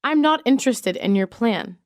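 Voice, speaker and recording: A woman reading isolated English practice sentences for a lesson, in a measured, even way. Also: on the high side, dry recording, studio quality.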